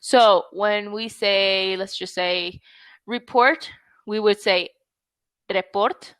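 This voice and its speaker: A woman's voice: medium pitch, level tone, fairly bright tone, smooth, no room sound. Woman tutor coaching English pronunciation. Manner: friendly, patient coaching, models sounds slowly. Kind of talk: online English lesson. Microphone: video call.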